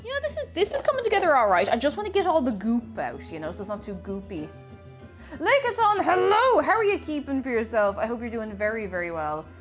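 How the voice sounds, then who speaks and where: A woman's voice: on the high side, huge pitch swings, fairly quick. Chatty woman streamer, faint music behind. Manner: chatty, greets viewers by name; playful, repeats phrases for fun. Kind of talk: casual live-stream chat.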